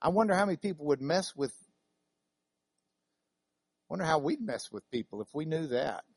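A woman's voice: low-pitched, sing-song, moderate pace, darkish tone, slightly rough, no room sound. A woman teaching a Bible class in a classroom, chatty and digressive, with many fillers and restarts. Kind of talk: classroom lecture.

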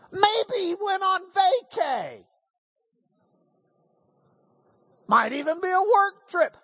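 A man voicing a brash male prophet who mocks his rivals, shouting in a high, taunting voice. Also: husky, big-room sound, exaggerated voice.

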